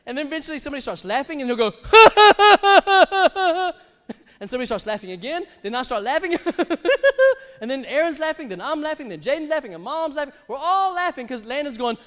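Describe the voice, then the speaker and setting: A middle-aged male pastor preaching with a very high, lively voice that swoops up and down. His sermon rings through a large hall with a long reverb. He often bursts into exaggerated laughs. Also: very fast, few pauses. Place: church hall.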